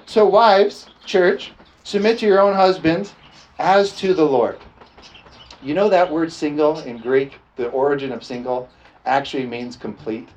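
Male preacher, fairly high voice, lively call-and-response style, slightly muffled recording. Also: a little slow. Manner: animated, chuckling, frequent call-and-response "amen?". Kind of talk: sermon. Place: church service, also streamed online.

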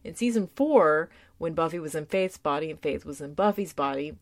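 A woman's voice: low voice, lively intonation, a little fast. A young woman talking casually about a TV episode, earnest and close to tears, with lots of filler words. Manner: heavy use of filler words like "like". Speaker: tv show commentator. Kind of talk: casual personal commentary.

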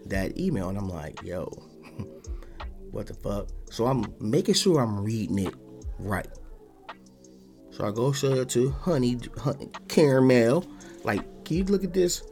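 A man with a slightly low voice hosts a podcast in a loose, rambling monologue. He speaks bluntly and defiantly, cursing freely and circling back over his words. Faint music plays under him. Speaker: podcast host.

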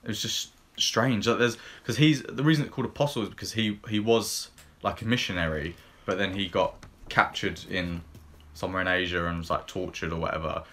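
His voice is low-pitched and a little fast. As a podcast co-host chatting casually about films, he wanders through retellings of scenes, relaxed and plainspoken, leaning heavily on ums and likes.

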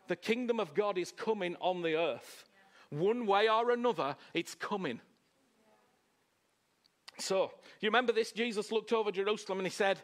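A man preaching a sermon, repeating phrases and asking the crowd "Huh?", swinging between loud, raised lines and low, hushed ones. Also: lively intonation, a little fast.

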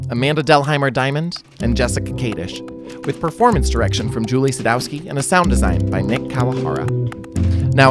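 Male host, plain outro read, guitar music under, mid pitch. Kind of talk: scripted outro announcement.

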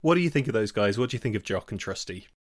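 A man's voice: on the low side, lively intonation, racing, no echo, clean studio sound. A man co-hosting a podcast, enthusiastically leading a film discussion. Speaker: podcast co-host.

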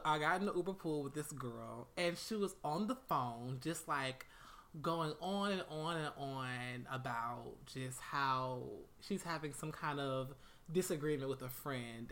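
Very bright-voiced man telling a story. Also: a little high. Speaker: podcast co-host. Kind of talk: casual podcast chat.

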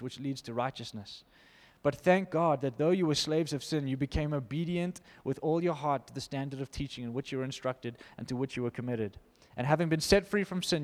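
A man preaching an informal sermon, reading scripture aloud and commenting with animated emphasis. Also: on the high side, in a large hall. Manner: animated, emphatic, laughs between points.

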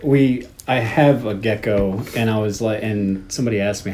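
A man's voice: on the low side, a little fast, crowd noise. A man co-hosting a podcast, telling rambling anecdotes in casual movie chat. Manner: rambling anecdotes with lively quoted voices. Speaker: podcast co-host.

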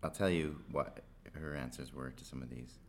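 A man's voice: very deep voice, steady tone, normal speed, creaky, slight background noise. A man hosting a podcast while hungover, chatting casually with self-deprecating, mumbled asides. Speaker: podcast host.

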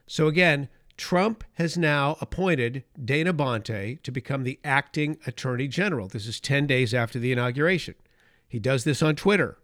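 A man's voice: a little high, no echo, studio quality. A man hosting a political talk show, delivering a heated opinion monologue with emphatic stresses and frequent restarts. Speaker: political commentary host.

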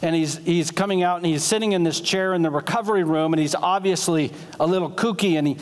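High-voiced pastor preaching in a church. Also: male voice, quick pace. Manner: animated, conversational storytelling. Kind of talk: sermon. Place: church sanctuary. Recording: long reverb of a church sanctuary.

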